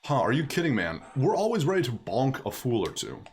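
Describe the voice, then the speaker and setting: A man's voice: medium pitch, big pitch swings, a little fast. A man voicing rowdy male goomba fighters in a mocking tough-guy way. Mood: scornful.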